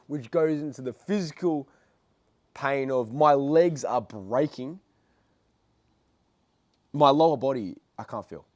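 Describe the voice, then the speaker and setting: A young man vlogging, telling a story in a casual, blunt, excitable way and swearing heavily. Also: mid-range voice, slow pace, pauses often, dry recording, clean studio sound.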